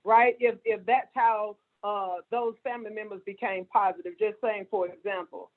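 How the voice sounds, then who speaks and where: A high-pitched man interviews a guest, affirming and encouraging in tone. His audio sounds thin and phone-like. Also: steady tone, moderate pace. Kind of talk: interview questions.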